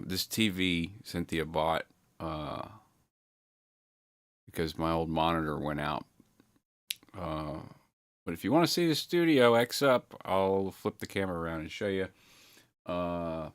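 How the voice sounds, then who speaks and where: Slow, deep-voiced man chatting to his stream. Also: fairly bright tone, smooth. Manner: rambling and laid-back, swears casually, reads chat aloud. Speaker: livestream host. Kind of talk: casual livestream chat with viewers. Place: home studio.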